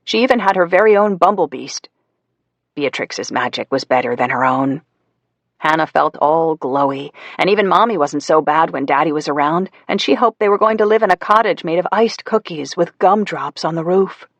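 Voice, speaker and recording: A man narrating a psychological thriller audiobook in a measured storytelling manner, voicing the characters as he goes. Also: a little high, lively intonation, fairly bright tone, dry recording. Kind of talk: scripted narration.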